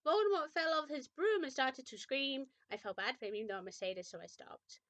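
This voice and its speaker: A woman's voice: high-pitched, brisk, a bit bright, dry recording, dull audio. A young woman reading a fan fiction aloud with mock drama, often breaking off to make sarcastic remarks.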